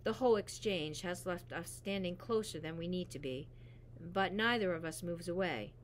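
A woman reading a novel aloud in a steady, even narration. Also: lowish voice, moderate pace, slight background noise. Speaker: reader. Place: school library.

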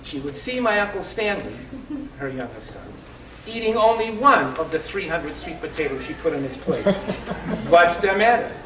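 A man in his sixties telling a comic family story at a live reading, with a wry, punchline-driven delivery and a rather high voice. He is heard from a distance in an echoing room with faint background noise. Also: sing-song, normal speed. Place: live event in a store showroom. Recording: echoey room, distant mic.

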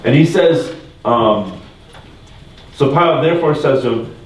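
A man's voice: medium pitch, animated, a little slow. A man teaching a Bible lesson to a class in a church room, talking casually and quizzing the group with questions. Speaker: religion teacher. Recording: echoey room from far off.

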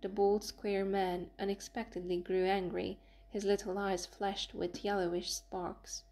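A woman narrating an audiobook in an even, measured reading. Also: mid-range voice. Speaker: audiobook reader.

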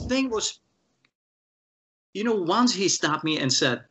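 With lots of restarts, a Czech guitarist telling stories as an interview guest animates them by acting out the voices of the people he quotes. His husky voice sits high, and he takes it slowly with long pauses.

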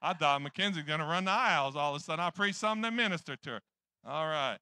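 A man's voice: a little high, animated, fast talker, pushed and bright, clear, resonant tone, no room sound. A man preaching a sermon in church, rambling and joking at his own expense. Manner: rambling, joking, self-deprecating.

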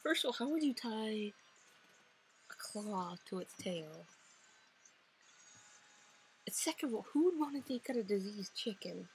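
A woman's voice: medium pitch, animated, unhurried, pauses often, darkish tone, a little hiss or hum, low-quality recording. A woman playing a visual novel, reading its lines aloud and chatting about them in a rambling, playful way. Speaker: let's play narrator.

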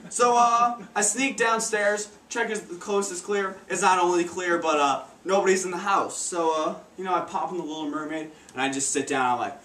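A man's voice: sits high, normal speed, few pauses, sharp tone, a little hiss or hum. A teenage boy doing an amateur stand-up routine, stumbling and awkward with many fillers. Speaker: stand-up comedian. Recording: echoey room, taped from far off.

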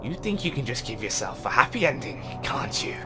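A man's voice: medium pitch, very animated, fairly quick, music in the background, natural voice. A man reading the lines of a jealous, menacing young woman from a game in a raised, accusing voice.

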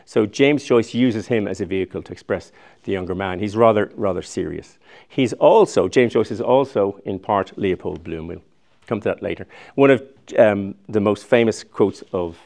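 A man's voice: fairly low pitch, moderate pace, darkish tone. A man in his sixties giving a chatty, digressive public lecture, often restarting his sentences. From Ireland. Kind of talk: recorded public lecture with slides.

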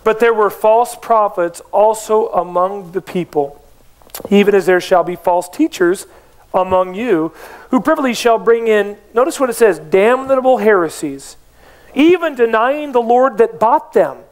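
A man's voice: high voice, expressive, measured pace. A man preaching a sermon as pastor of a church, emphatic, with rhetorical questions to the congregation.

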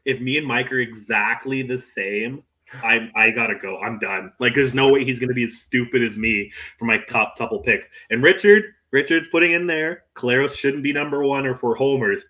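A man's voice: mid-range voice, moderate pace, pushed and bright. A man talking casually on a sports podcast, rambling and self-deprecating, restarting often. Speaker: podcast co-host.

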